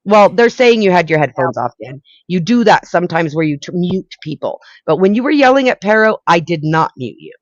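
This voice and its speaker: A woman's voice: lowish voice, sing-song, fairly quick, few pauses, no echo, highs cut off. A woman moderating a heated online panel, firmly repeating her point. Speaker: stream co-host moderator.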